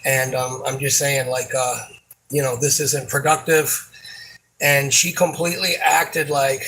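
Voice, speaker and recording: A man's voice: medium pitch, little pitch movement, fairly bright tone, rough recording. Frustrated man venting, rambling. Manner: frustrated, rambling, swears a lot; halting, many fillers and restarts. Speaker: supermarket worker. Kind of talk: casual venting monologue.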